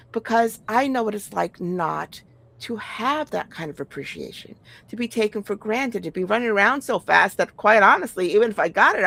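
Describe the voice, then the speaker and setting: A woman's voice: medium pitch, gravelly, a bit bright. A middle-aged woman talking candidly in casual chat, blunt and profane, with frequent sighs and restarts.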